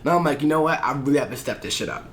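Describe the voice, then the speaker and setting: A man telling a story as a podcast guest in casual chat, animated and profane, acting out the voices of people he quotes. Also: medium pitch, rapid-fire.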